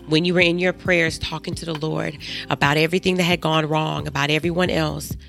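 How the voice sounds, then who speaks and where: Woman, podcast host, faith testimony, earnest and emphatic, lowish voice, faint music underneath. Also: gravelly, a bit bright. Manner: earnest, emphatic, addresses listeners directly.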